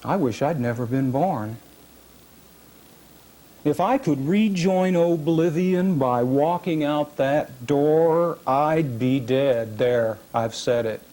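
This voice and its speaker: A man reading his own first-person fiction aloud at a literary reading, measured and dramatic, with heavy pauses. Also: a little high, dark tone. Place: reading series event.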